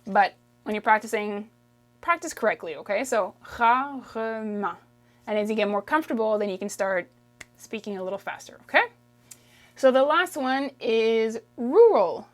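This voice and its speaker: A woman from Quebec with a Québécois accent, teaching in an upbeat way and slowing down to model each word for the viewer to repeat. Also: mid-range voice. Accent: Québécois French. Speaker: French teacher. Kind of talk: online language lesson.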